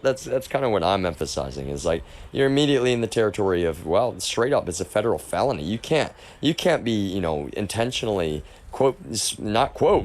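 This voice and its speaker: A young man, talking in a long, rambling monologue on a live stream. He repeats himself, restarts his sentences and leans hard on emphasis. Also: low-pitched. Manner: repetitive, restarts often, emphatic.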